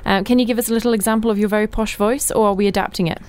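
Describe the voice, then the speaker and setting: A woman's voice: medium pitch, steady tone, very fast, darkish tone, smooth. A woman with a northern English accent, co-hosting a radio interview in a chatty, playful way. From northern England. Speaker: radio co-host.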